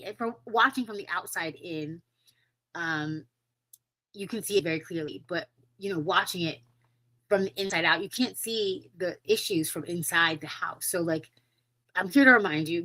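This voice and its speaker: This woman's voice is fairly low in pitch and fairly bright, moving at a moderate pace over a rough recording. Hosting her own podcast, she chats casually and earnestly with lots of fillers while cheering her listeners on.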